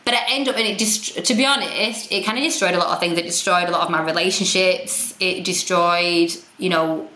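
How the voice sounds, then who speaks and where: A woman appears as a podcast guest, telling her story candidly in a frank, self-deprecating way with plenty of swearing. Her voice is on the low side, pushed and bright, fairly quick with few pauses, and the recording has a roomy echo.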